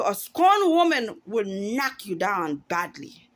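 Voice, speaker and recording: A woman's voice: mid-range voice, sing-song, slow. A woman in her forties giving an emphatic, outspoken opinion monologue to camera, often restarting her sentences as she goes. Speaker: vlogger.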